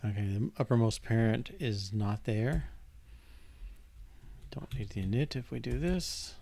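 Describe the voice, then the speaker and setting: A man live-coding and thinking aloud, halting and muttered, with fillers as he works. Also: lowish voice, lively intonation, vocal fry, dark tone. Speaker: programmer live-coding on stream.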